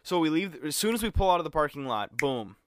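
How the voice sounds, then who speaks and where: Animated young man telling a story. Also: on the high side, quick pace, no room sound, studio quality. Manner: animated, acts out quotes, swears freely. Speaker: podcast co-host. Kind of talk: casual storytelling chat.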